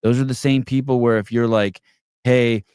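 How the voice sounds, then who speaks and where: A man's voice: mid-range voice, fairly even intonation, fairly quick, a little mellow, clean tone, no room sound, studio quality. A man hosting a live call-in podcast, talking bluntly and with a lot of swearing, restarting his words often and reading viewer comments aloud. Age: adult with children. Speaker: podcast host.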